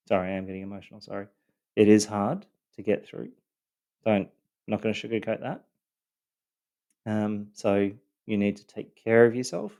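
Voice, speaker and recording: A man with a fairly low voice hosts a podcast, telling his own life story in a loosely scripted monologue. He speaks earnestly and haltingly, with frequent fillers, restarts and repeated words. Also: warm tone.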